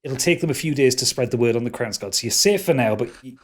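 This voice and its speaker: A game master voicing a jittery, swearing tavern keeper who gives rushed warnings in a raised voice. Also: male voice, mid-range voice, animated, close to an everyday voice. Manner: panicky, cursing, rushed warnings. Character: jittery middle-aged male tavern keeper, swears a lot.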